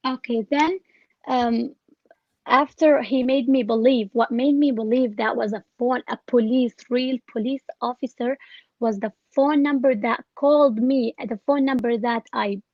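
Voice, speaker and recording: A woman's voice: fairly high pitch, fairly even intonation, unhurried, no room sound, highs cut off. Hesitant woman telling of a scam. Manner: hesitant, many restarts and fillers. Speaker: scam victim interviewee. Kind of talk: recounting her experience in an interview.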